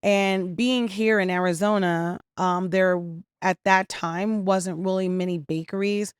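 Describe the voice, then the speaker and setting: A woman who founded and owns a restaurant, telling her story in an interview. She is lively, acts out the voices she quotes and uses many "um"s. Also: mid-range voice, a little slow, clear, resonant tone, dry recording, clean studio sound. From New York and New Jersey area. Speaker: restaurant owner and founder, guest.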